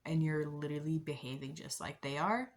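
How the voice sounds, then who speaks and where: A young woman talks casually into her camera, rambling along with lots of likes and ums. She laughs softly at herself now and then, and her voice sits a little low for a woman. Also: fairly quick. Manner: rambling, many likes and ums, soft self-deprecating laughs. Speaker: vlogger. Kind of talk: casual confessional chat to camera.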